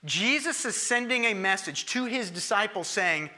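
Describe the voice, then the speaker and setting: High, bright-voiced male preacher. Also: moderate pace. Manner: conversational and lively, acting out quoted voices. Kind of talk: sermon.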